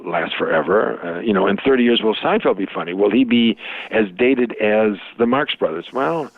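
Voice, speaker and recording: A man's voice: fairly low pitch, moderate pace, no echo. An older man with a Chicago accent, a comic and professor talking through jokes in a rambling interview manner. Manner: rambling, restarts often, storytelling jokes. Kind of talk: interview conversation. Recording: tinny phone-like line.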